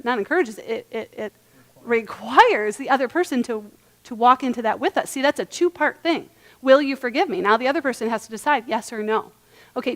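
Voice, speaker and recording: A young woman presenting a church parenting workshop, earnest and emphatic, often checking in with the audience. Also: a little high.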